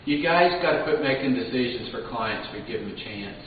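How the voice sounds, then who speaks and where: With a medium-pitched voice and a brisk pace, a man energetically tells stories and acts out customers' lines during a live sales seminar for a class. Slight background noise accompanies the dull, echoey hall sound, recorded from far away.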